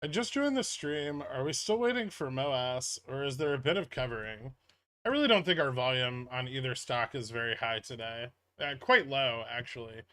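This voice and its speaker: A man hosting a casual stock-market livestream, reading viewer chat aloud and answering in a relaxed, rambling way. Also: mid-range voice, moderate pace, clean tone, no echo.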